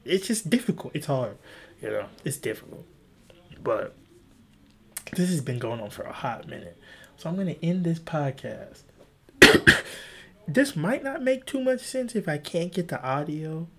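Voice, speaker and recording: A young man hosting a casual solo podcast, rambling through stories with swearing and voicing his past self in sudden high pitches. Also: very animated, unhurried, pauses often, pushed and bright, husky. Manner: rambling, swearing, voice jumps high when acting out his own past lines. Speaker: podcast host.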